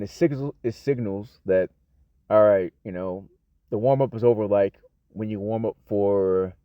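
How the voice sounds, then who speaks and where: An American English teacher gives an unscripted, casual lesson in a fairly low voice, rambling with many fillers, restarts and self-corrections. There's no echo, and the recording sounds dull, lo-fi and dry.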